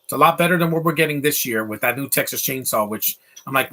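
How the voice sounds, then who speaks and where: A man talks over a film he is watching at home, tossing out strong opinions and wandering asides between fillers. His voice is bright and forward, with a husky, slightly rough edge. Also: mid-range voice, expressive, fast talker, few pauses. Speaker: film commentator. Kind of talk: casual live movie commentary.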